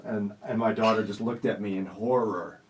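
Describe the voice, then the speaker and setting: A man's voice: lowish voice, steady tone, moderate pace, a little mellow, distant mic, slight background noise, rough recording. Jokey male radio host, a bit off-mic. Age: 40s. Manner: jokey, self-teasing storyteller. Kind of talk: casual studio chat. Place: radio studio.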